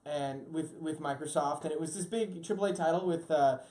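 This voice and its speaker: A man's voice: on the high side, fairly quick, mellow. A man chatting animatedly as a guest voice actor on a podcast, with many fillers. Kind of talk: casual podcast chat.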